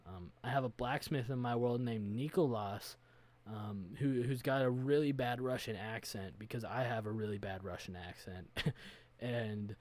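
A man's voice: mid-range voice, moderate pace, darkish tone. Earnest man thinking aloud. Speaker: game master, podcast co-host. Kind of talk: casual chat.

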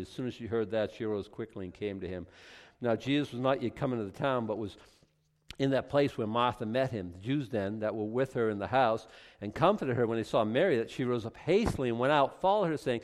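A man's voice: on the low side, a little fast. Man preaching in a reverberant hall. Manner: swings from quiet scripture reading to loud, emphatic preaching. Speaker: pastor. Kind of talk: expository sermon.

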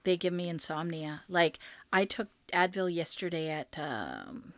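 A woman's voice: on the low side, sing-song, unhurried, no echo. A woman co-hosting a faith podcast and talking about her book, chatty and teasing, laughing easily. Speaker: podcast co-host and author. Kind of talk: casual faith podcast chat.

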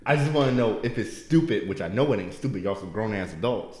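A male podcast co-host chatting casually in heavy slang, cursing freely and breaking into laughter as he builds each joke. His pitch swings widely from line to line. The room around him is noticeably echoey. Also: expressive, quick pace, darkish tone. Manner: laughs a lot while telling jokes; profane and slangy. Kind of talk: casual chat.

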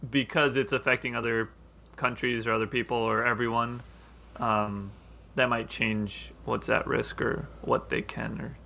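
A man's voice: mid-range voice, little pitch movement, unhurried, vocal fry, sharp tone, a little hiss or hum. A man on a casual podcast, thinking aloud in a hesitant, meandering way, full of "um" and "like". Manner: hesitant, thinks aloud with many ums and likes. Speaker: podcast co-host.

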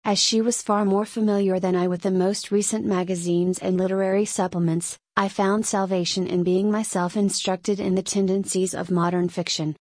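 A woman reading a story aloud in a measured, unhurried scripted narration. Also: mid-range voice, flat delivery, darkish tone, no echo, studio quality. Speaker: audiobook reader.

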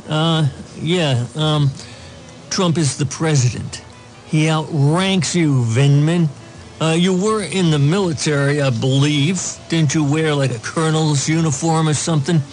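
A man's voice: a little high, a little slow, darkish tone, soft background music. A man giving casual political commentary, reading news aloud with sarcastic asides and plenty of ums. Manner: sarcastic asides, many fillers.

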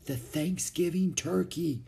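An eager, curious young girl, as a male reader puts her on, pitched well above his normal voice. She fires off excited questions in a storybook reading, her voice swooping up and down. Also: unhurried.

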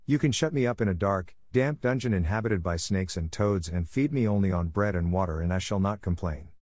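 A man's voice: sits low, fairly quick, a little mellow, lightly acted. A man voicing a defiant, tearful redheaded young girl in a storybook reading, passionate and stubborn. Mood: defiant pleading.

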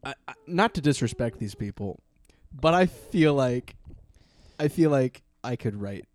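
A man's voice: medium pitch, animated, unhurried, a little mellow, dry recording, clean studio sound. A man co-hosting a podcast in casual chat, teasing his partner and thinking aloud with hesitations. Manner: teasing, hesitant when composing. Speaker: podcast co-host.

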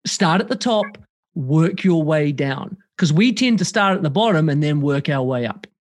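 A man chatting casually as a podcast guest over a remote call, animated and swearing freely, acting out quoted voices. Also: on the high side, moderate pace.

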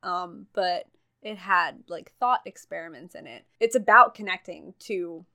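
A woman's voice: fairly low pitch, a little slow, pushed and bright. A young woman in casual conversation, talking freely with many fillers and easy laughs. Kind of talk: casual chat.

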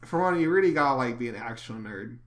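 A young man co-hosting a casual podcast chat, sarcastic and crude, swearing often and breaking into loud laughter. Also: medium pitch, expressive, quick pace. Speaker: podcast co-host.

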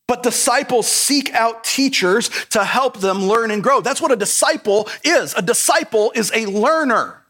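A man's voice: very high voice, animated, normal speed, few pauses, bright, forceful tone. A male pastor preaching a sermon in an earnest, emphatic way, repeating his key points.

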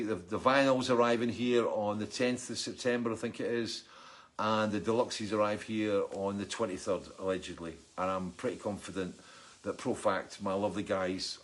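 A man's voice: lowish voice, fairly even intonation, normal speed. A middle-aged man, a musician, hosting a casual weekly livestream and reading out viewer comments. He rambles and chats, restarts his sentences and laughs often.

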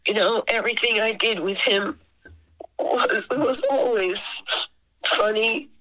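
A woman in her sixties with a Boston accent, a singer telling stories as an interview guest, sentimental and quick to laugh. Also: mid-range voice, fairly even intonation, pushed and bright, poor audio. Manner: laughs often, sentimental, sarcastic wit. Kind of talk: emotional storytelling.

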